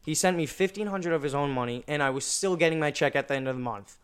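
A man's voice: fairly high pitch, fast, clear, resonant tone. A young man telling a story in casual chat, rambling with many fillers and restarts. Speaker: podcast guest.

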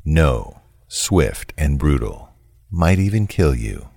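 A man reading the lines of a cold, controlling, menacing man in a flat, commanding way, in a true crime story. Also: a bass voice, slow, creaky, no room sound, studio quality, exaggerated voice.

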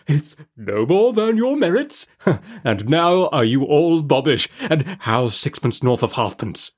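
A man's voice: on the high side, very animated, slow pace, voice pushed up, exaggerated voice. A man voicing a pompous, blustering older uncle who talks in a hearty, self-satisfied way and draws out his words.

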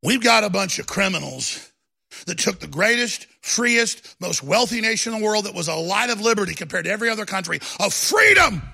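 A man hosting a talk show, delivering a combative political rant that builds into shouting. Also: high-pitched, very animated, brisk, vocal fry, slightly rough.

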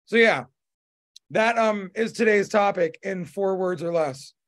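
A man with a voice that sits high, a little slow, and slightly bright hosts a podcast. He chats casually and rambles, filling his talk with fillers and restarts.

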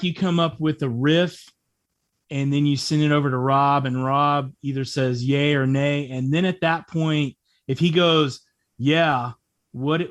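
A man's voice: on the high side, no echo. A man hosting a casual interview, asking questions and making teasing, self-deprecating jokes. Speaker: interview host.

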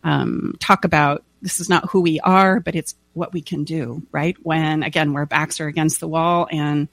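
A woman's voice: low-pitched, moderate pace, vocal fry, dry recording. Heartfelt woman coach, dry sound. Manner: heartfelt, acts out quotes with lively voices. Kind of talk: casual podcast conversation.

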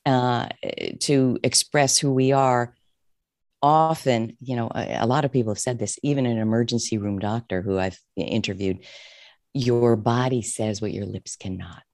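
Middle-aged woman guest, therapist type, heartfelt and expressive storyteller, dry close mic. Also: rumbling low, moderate pace, no echo. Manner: emotional, expressive, restarts often. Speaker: therapist and coach, author. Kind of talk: candid interview storytelling.

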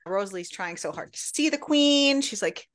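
A woman co-hosting a book podcast, retelling the plot in relaxed, casual chat. Her voice sits in a middle pitch but rises and falls widely as she tells it, dropping into quick voices for the characters. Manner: animated storytelling, acts out characters' lines. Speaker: podcast co-host. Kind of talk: casual book club recap.

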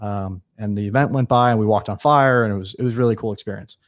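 A man from New York State, a guest in a casual interview, telling stories quickly and acting out what people said. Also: on the low side, dry recording, studio quality. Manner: fast, animated storyteller acting out dialogue.

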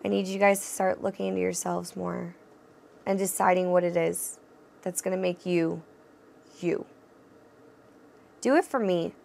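Podcast host, young woman, gravelly edge, blunt and encouraging. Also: mid-range voice. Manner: candid, swears freely, laughs often; encouraging, addresses listeners directly. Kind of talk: casual solo podcast talk.

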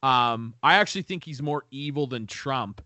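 Man, casual podcast rant, profane, dry recording, lively pitch. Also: moderate pace, no room sound. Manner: profane, ranting, laughs often. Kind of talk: casual political chat.

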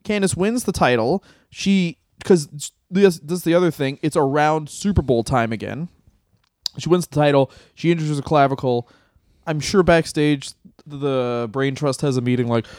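A man's voice: a little high, normal speed, darkish tone, dry recording, studio quality. A man co-hosting a comedy podcast, telling stories in a loose, profane way. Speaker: podcast co-host. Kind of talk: casual comedic chat.

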